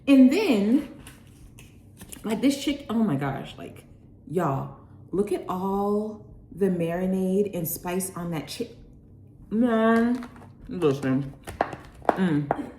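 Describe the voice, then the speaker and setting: A young woman vlogging at home, gushing with excitement over takeout food and sometimes talking with her mouth full. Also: lowish voice, slow pace, pauses often, roomy sound, background noise. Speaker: lifestyle vlogger. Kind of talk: casual food review to camera. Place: at home, indoors.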